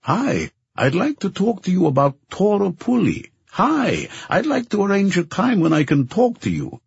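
A woman's voice: medium pitch, huge pitch swings, a little slow, gravelly, a little mellow, husky, dry recording, highs cut off, voice pushed up, heavily acted. A man voicing a persistent journalist leaving repeated phone messages in an audiobook. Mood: insistent. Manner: insistent, repetitive.

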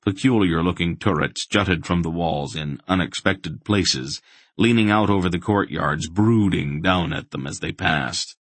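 A man reading a fantasy audiobook in steady, measured scripted narration. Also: low voice, no room sound.

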